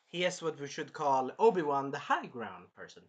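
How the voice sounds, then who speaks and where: A man hosting a casual anime episode review, rambling and sidetracking, often apologizing and clearing his throat. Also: fairly high pitch, a bit bright. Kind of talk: casual chat recapping an episode.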